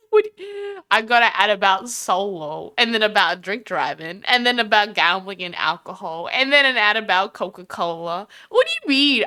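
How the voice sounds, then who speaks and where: A woman's voice: mid-range voice, sharp tone. Bubbly Australian woman streamer. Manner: chatty, bubbly, giggly, rambling. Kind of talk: casual live-stream chat.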